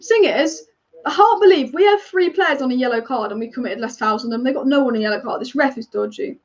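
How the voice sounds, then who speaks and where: A woman with a high voice runs a live football watch-along stream for her fan channel, firing off chatty, opinionated reactions to the match and reading out viewer comments. The recording has its highs cut off.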